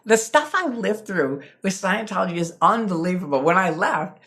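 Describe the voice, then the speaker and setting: A woman from Chicago, an interview guest telling her personal story with lively, dramatic storytelling. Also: on the low side, normal speed. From Chicago, USA. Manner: animated storytelling, acts out quoted voices. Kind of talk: personal testimony in a podcast interview.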